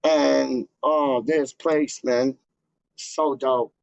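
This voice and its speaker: A man's voice: mid-range voice, fairly even intonation, very slow, vocal fry, no room sound. A man chatting casually to camera as a fan channel host, rambling and slangy with lots of fillers. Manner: slangy, loose, full of "like" and "dog" fillers. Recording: dull lo-fi dry sound.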